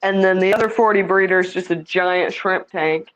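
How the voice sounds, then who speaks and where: A woman's voice: fairly low pitch, fairly even intonation, normal speed, dull audio. A woman giving a casual tour of the fish tanks in her home, chatty and self-deprecating, laughing easily.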